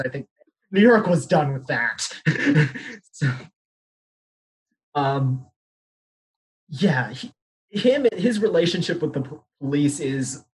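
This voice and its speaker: Husky young man from Arizona. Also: medium pitch, rough recording. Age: young adult. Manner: candid, laughs nervously at grim news. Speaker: podcast panelist. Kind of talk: casual discussion.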